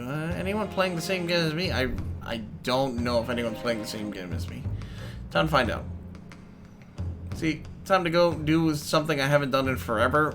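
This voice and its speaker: Rambling man chatting on a live stream. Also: a little high. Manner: rambling, chatty, talks to chat while playing. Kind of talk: casual chat with live viewers. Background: game music.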